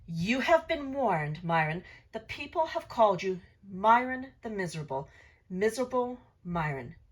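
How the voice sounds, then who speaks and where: A woman's voice: medium pitch, sing-song, normal speed, husky. A woman voicing a stern fairy who solemnly warns and chants a spell, from a storybook reading. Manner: solemn, incanting.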